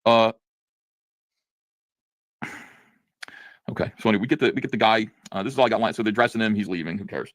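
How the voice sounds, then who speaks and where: Man, comic reviewer, fast-paced, sarcastic, dry close sound. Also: on the low side, no echo. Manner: sarcastic, indignant, rapid-fire. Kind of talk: video review commentary.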